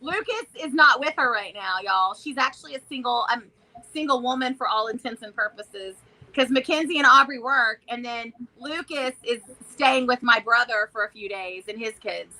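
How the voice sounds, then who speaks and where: A woman with a Southern American accent, co-hosting a casual vlog chat in an animated, chatty way. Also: fairly high pitch, moderate pace, poor audio. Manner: animated, chatty, loud exclamations and laughs. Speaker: vlog co-host.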